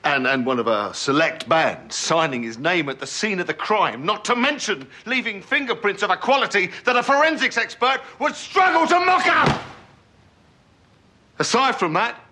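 A man's voice: high-pitched, expressive, moderate pace, bright, forceful tone, full character voice. An actor playing an exasperated man in a sitcom clip, sarcastically listing a friend's blunders. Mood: sarcastic. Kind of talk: sitcom dialogue.

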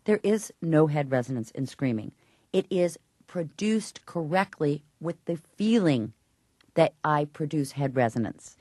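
A woman with a deep, warm voice teaches singing and talks technique in an interview at a measured pace, animated throughout. She offers short sung and spoken demonstrations, captured as clean studio sound without room ambience.

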